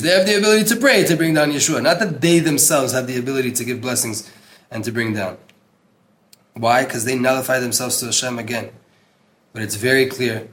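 A man's voice: medium pitch, fairly bright tone, a little hiss or hum. Earnest man teaching a religious text. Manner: earnest, emphatic, repeats words for stress; mixes in Hebrew terms. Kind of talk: Torah class reading and translating a text.

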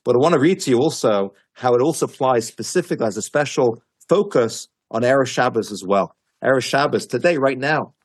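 Man teaching a Torah class, husky voice, animated storyteller who restarts a lot. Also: mid-range voice, fairly quick, hardly any pauses. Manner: animated storyteller, many restarts, quotes his teacher emphatically.

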